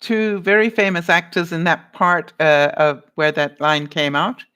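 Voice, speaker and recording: A woman's voice: lowish voice, fairly even intonation, unhurried, fairly bright tone, smooth. Woman vlogger, casual live-stream chat, chatty and giggly, reads viewer comments. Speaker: vlogger running a movie quiz.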